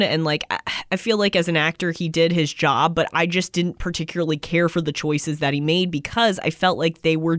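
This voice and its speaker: Animated guy ranting about a movie, jumps up high when excited, dry mic. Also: no room sound. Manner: animated, acts out his own reactions. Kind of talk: casual movie discussion.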